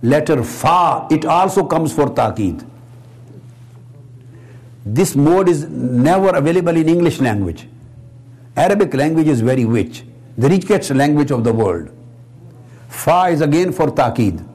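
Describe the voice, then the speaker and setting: A man's voice: a little high, very animated, unhurried, long pauses, a little mellow, slightly rough. A man giving a religious lecture, explaining the grammar of a text and repeating key words to drive his point home. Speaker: Islamic scholar and speaker. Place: Islamic center hall.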